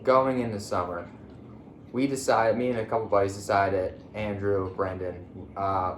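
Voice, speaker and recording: A young man from the Philadelphia area hosts a casual chat, telling his story in a laid-back way full of fillers and restarts. His voice sits a little low. The room is echoey, with a faint hum behind him. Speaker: podcast host.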